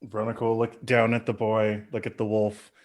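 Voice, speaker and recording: Low-voiced man playing a tabletop game, casual. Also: monotone, brisk. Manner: casual, hesitant, full of likes and fillers. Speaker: player.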